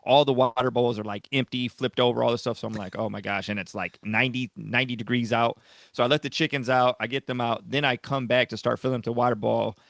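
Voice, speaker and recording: A man's voice: mid-range voice, fairly even intonation, fast talker, creaky, fairly bright tone, no room sound, clean studio sound. A man co-hosting a podcast in a laid-back way, telling a home story and chiming in with short agreements. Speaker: podcast co-host. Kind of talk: casual chat.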